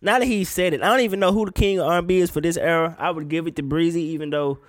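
A man giving a casual, profane solo rant about music gossip, breaking into sudden loud high outbursts. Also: fairly even intonation, racing, no room sound. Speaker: solo commentator.

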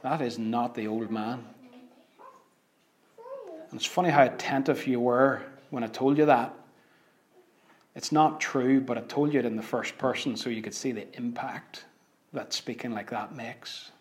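A man preaching a sermon. He swings from loud, emphatic declarations to hushed, almost whispered asides. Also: medium pitch, steady tone, measured pace, pauses often, a little hiss or hum.

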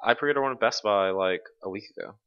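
A man's voice: fairly low pitch, fast, clear, resonant tone, dull audio. A man hosting a casual games podcast, talking loosely, swearing and laughing often. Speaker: podcast host. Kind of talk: casual chat.

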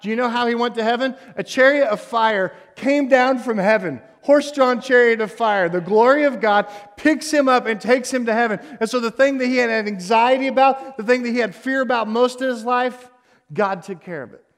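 A male pastor preaching a sermon on stage, animated and jokey, swinging between loud emphasis and hushed tones. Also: very high-pitched, normal speed, big-room sound. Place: church stage before a congregation.

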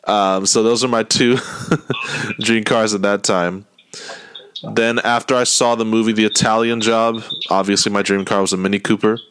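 A man's voice: fairly low pitch, normal speed, slight background noise. A young man talking casually and rambling a bit, laughing now and then as he asks questions. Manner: relaxed, rambling, laughs often. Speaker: host. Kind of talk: casual chat.

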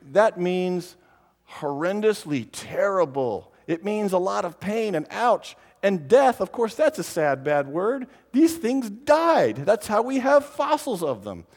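A man with a slightly high voice gives a lively, playful talk, speaking straight to the children in the crowd. His voice carries a long reverb from a large hall. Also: gravelly. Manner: animated, playful, addresses kids directly. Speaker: creationist speaker. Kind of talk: lively conference talk to families.

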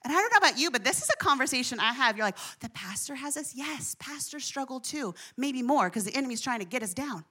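A woman's voice: high-pitched, fast talker, few pauses. A woman pastor giving a sermon, mixing funny personal stories with preaching and asides to the audience. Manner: animated, humorous storytelling with asides to the audience.

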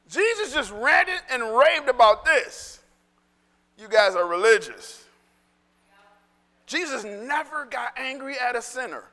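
A male pastor preaching a sermon in an animated, conversational way that swings into shouting. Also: very high-pitched, big-room sound.

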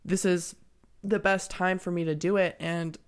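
A woman's voice: on the low side, fairly even intonation, measured pace, clear, resonant tone. A young woman in casual podcast chat, talking candidly and rambling, swearing often.

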